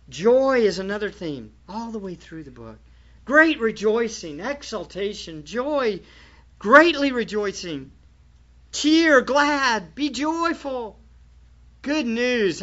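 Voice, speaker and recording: A man's voice: very high-pitched, pushed and bright. A man preaching a sermon as pastor, emphatic and full of rhetorical questions to his congregation. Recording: dull lo-fi church recording.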